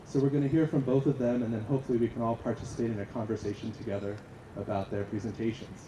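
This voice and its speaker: A man moderating a conference panel, briskly introducing the next speaker. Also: level tone. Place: lecture hall. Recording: distant echoey hall with rumble.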